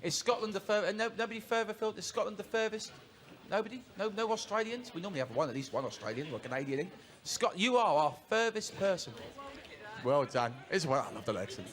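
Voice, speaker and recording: Cheeky warm-up man, lively. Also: high voice, fast talker. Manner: cheeky, joking, lively and teasing. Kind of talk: audience warm-up patter. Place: TV studio with live audience. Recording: noisy studio crowd. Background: studio audience laughing and cheering.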